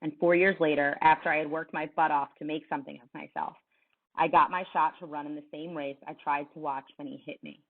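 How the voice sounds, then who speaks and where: Woman voicing stern middle-aged coach, blunt, low voice, tinny phone-like sound. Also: fairly even intonation, brisk. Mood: somber. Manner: firm, blunt storytelling.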